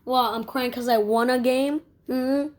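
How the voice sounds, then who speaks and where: A woman voicing a clumsy boy who whines, yells and cries easily. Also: high-pitched, steady tone, heavy background noise. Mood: upset. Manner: whiny, quick to yell and cry. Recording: background music. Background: music.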